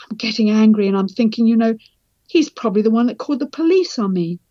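A woman reading aloud in the voice of a troubled young male patient, telling his story in halting, urgent bursts. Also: a little high, lively intonation, warm tone, no room sound. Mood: resentful. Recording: dull, slightly lo-fi sound.

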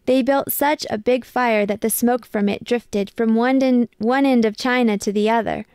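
A woman reading a picture book aloud with measured, expressive storytelling. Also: a little high, clear, resonant tone, dry recording, studio quality. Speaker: storybook reader.

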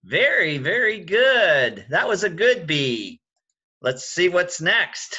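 An older grandfather reads a picture book aloud slowly, his voice bright and rising and falling a great deal as he coaxes little ones to join in. The recording is a little dull and lo-fi. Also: on the high side, slightly rough. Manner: slow, animated, coaxing, makes animal sounds. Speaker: grandfather reading a bedtime story.

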